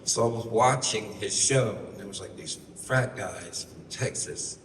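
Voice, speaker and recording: A man's voice: lowish voice, unhurried, a bit bright, a little hiss or hum. Man rambling through a wry onstage story. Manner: rambling, wry, profane, with loose asides and quoted voices. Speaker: singer-songwriter telling a story on stage. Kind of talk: live storytelling between songs. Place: live concert venue. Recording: roomy live hall, from far off, guitar behind.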